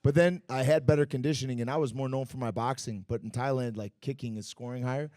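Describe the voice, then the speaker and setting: A fast-talking Muay Thai fighter with a male, mid-range voice swaps stories in a casual podcast interview held at a bar and grill. Expect animated energy, plenty of cursing and constant fillers. The audio has no room sound and studio-grade quality.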